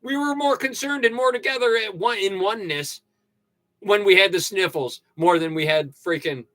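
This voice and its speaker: An older man hosting a casual livestream, ranting and joking with sudden loud outbursts. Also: high voice, normal speed, no room sound. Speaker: livestream host. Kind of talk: casual livestream rant and sign-off.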